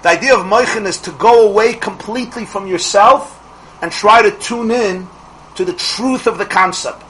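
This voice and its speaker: A middle-aged man teaching a Torah class as a rabbi, asking rhetorical questions and restarting his phrases quickly. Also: high-pitched, a bit bright, slight background noise, low-quality recording.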